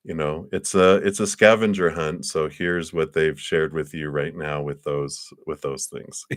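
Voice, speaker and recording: A male tarot reader talks through a live-stream card reading in a low voice. He rambles warmly from card to card and laughs often. His voice sits close and dry on the mic, with no room around it. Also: expressive, takes it slowly, no room sound.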